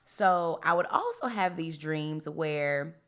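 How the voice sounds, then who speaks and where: Young woman, faith podcast host, lower-voiced, animated chatty delivery with a preacher's punch. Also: slow pace. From Texas. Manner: animated, chatty, laughs often, preacher-like emphasis. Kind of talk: casual devotional podcast talk.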